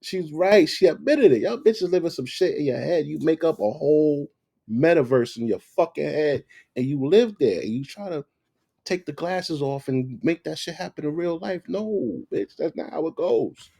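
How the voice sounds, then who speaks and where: A man hosting a reaction video, giving loud, profane, mocking commentary. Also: fairly high pitch, expressive, normal speed, vocal fry, slightly rough.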